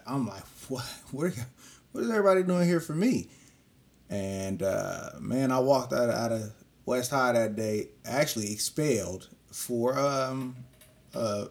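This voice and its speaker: A man's voice: on the low side, gravelly. A young man telling a personal story in casual, profane street slang, acting out what others said to him. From California. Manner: animated, profane street slang, acts out quoted voices.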